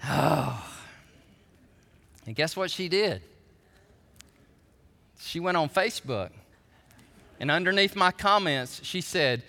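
A man pastor preaching a sermon, telling animated stories with stammering restarts. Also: high voice, a little slow, long pauses. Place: church sanctuary. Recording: long hall reverb.

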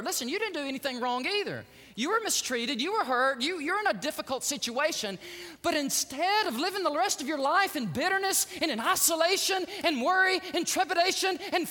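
A middle-aged man preaching a sermon, animated, acting out the voices he quotes and laughing often. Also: very high voice, in a large hall. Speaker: pastor.

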